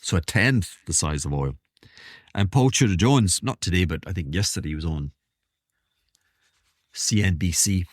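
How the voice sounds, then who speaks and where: A man's voice: sits low, expressive, normal speed, pauses often, husky, dry recording, clean studio sound. A man hosting his own podcast, talking in a rambling, self-interrupting way with wry asides. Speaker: podcast host. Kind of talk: casual solo monologue.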